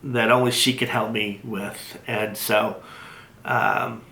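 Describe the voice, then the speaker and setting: A man recording a casual personal video diary, halting and heartfelt, with many fillers and restarts. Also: medium pitch, steady tone, sharp tone, echoey room. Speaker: vlogger sharing his cancer treatment. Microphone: built-in device mic after lapel mic failed.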